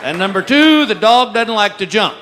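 Middle-aged guy doing standup, high voice, goofy stories about himself. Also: lively intonation, normal speed, crowd noise. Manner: folksy self-mocking storytelling. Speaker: stand-up comedian. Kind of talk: stand-up comedy. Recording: live show with audible audience noise.

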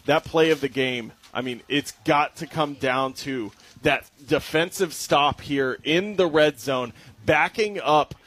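A man's voice: on the high side, a little slow, few pauses, fairly bright tone. A young man giving upbeat post-game sports commentary, joking and correcting his own slips as he goes. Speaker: play-by-play commentator.

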